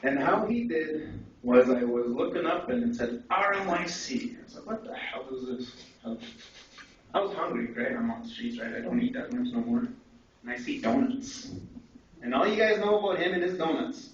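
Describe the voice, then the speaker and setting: A man's voice: fairly high pitch, brisk. Young guy telling his life story at a conference, super echoey hall, mic far off. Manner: candid, animated storytelling with asides to the crowd. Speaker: conference speaker. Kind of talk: personal story told to an audience. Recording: echoey hall from far off, dull and faintly noisy.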